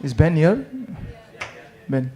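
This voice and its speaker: A man with a high voice tells a story at an unhurried pace, and he laughs through much of it. As a tour manager, he acts out the dialogue of the people in his anecdote with lively energy. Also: lo-fi sound. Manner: laughing, animated anecdote-telling with acted-out dialogue. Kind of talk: storytelling at a farewell event. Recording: online webinar audio.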